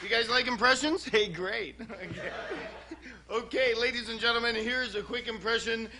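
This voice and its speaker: A man doing a stand-up comedy routine on a TV studio stage, talking in a rapid, goofy way and chatting with the crowd. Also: extremely high pitch, fairly even intonation, background noise. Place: TV studio stage with live audience.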